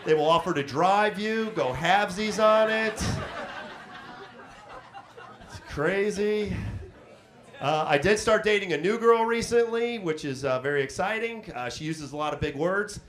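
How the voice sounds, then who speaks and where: Self-mocking stand-up man, higher voice. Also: expressive, unhurried, long pauses, a bit bright. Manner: self-mocking punchlines, chatty crowd work. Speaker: stand-up comedian hosting the show. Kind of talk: stand-up comedy set. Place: comedy club stage.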